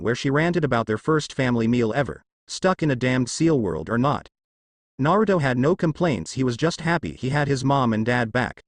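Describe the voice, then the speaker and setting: Male storyteller for fan fiction, steady read with a lively pitch. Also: dry recording. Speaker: narrator.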